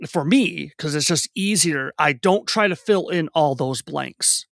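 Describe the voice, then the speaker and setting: A man chatting about running games as a game master, animated and quick to act out characters. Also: on the high side, creaky, no room sound, clean studio sound. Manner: animated, acts out characters while explaining. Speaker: game master, podcast guest. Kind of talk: casual chat.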